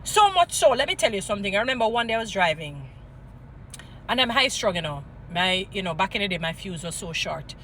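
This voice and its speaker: Fiery, bright-voiced Jamaican woman preaching. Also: medium pitch, fairly quick, slight background noise. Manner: animated, preachy, mixes patois and English, scolding. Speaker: vlogger. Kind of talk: impassioned commentary with Bible stories.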